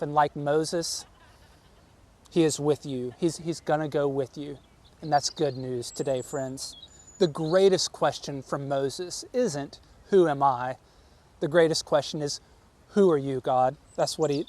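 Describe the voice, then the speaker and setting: A man's voice: fairly high pitch, a little mellow. A man preaching a sermon, earnest and emphatic, often repeating words as he presses a point. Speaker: pastor.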